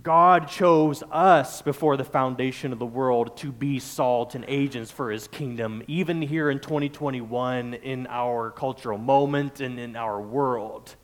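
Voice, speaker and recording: A man's voice: mid-range voice, unhurried, hardly any pauses. Man preaching a repetitive sermon. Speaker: pastor.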